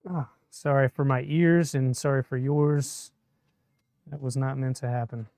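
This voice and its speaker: A man's voice: mid-range voice, fairly even intonation, measured pace, a little mellow, a little hiss or hum. A man chatting casually on a live stream while he assembles a 3D printer, answering viewer comments as he works. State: a bit shaky from caffeine.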